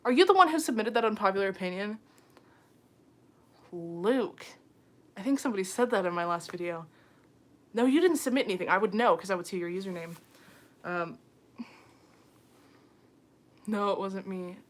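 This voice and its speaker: With a medium-pitched, expressive voice, a moderate pace, and frequent pauses, a young YouTuber chats into her phone during a late-night livestream while reading comments. She seems slightly tired, rambles, and slips small laughs between her thoughts. Her talk is giggly and loaded with "um" and "like."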